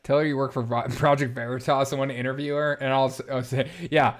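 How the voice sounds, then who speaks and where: A man's voice: mid-range voice, level tone, fast. A male host chatting casually while setting up a prank call, giggling and rambling. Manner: giggly, rambling, self-mocking. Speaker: show host. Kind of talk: casual comedic livestream chat.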